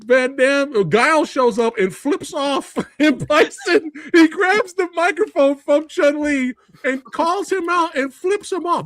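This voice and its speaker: A man's voice: very high voice, sing-song, slow pace, few pauses, fairly bright tone, no room sound. A middle-aged man co-hosting a casual movie debate, laughing often and quoting lines. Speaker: podcast co-host.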